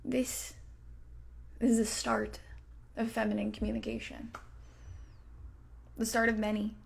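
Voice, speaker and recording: 30s woman podcast coach, a bit high-pitched, super casual, lots of "like" and cussing, goes whispery sometimes. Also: little pitch movement, measured pace, creaky. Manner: casual, frank, heavy on "like" fillers and swearing. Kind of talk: motivational podcast monologue.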